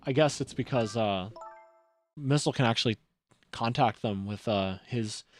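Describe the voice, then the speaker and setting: A man's voice: medium pitch, moderate pace, faint music behind. A young man streaming a video game, reading the dialogue aloud and chatting with wry asides.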